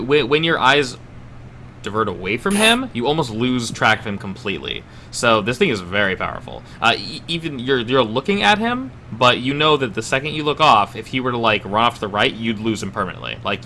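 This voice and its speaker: A man's voice: medium pitch, big pitch swings, a little fast, sharp tone, slight background noise. A man narrating a tabletop game as game master, casual and searching for words.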